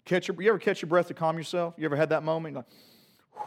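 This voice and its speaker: Male pastor, fairly high voice, sermon that swings quiet to loud with jokes to the crowd. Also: steady tone, fast. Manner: swings from hushed reflection to loud emphatic peaks; humorous asides to the congregation.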